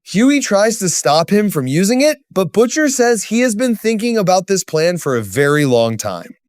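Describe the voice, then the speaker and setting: A man with a high voice narrates a scripted story recap. His pitch swings widely and he tells it dramatically, lifting his voice at sudden turns. The sound is close and dry. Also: very animated, moderate pace, no room sound.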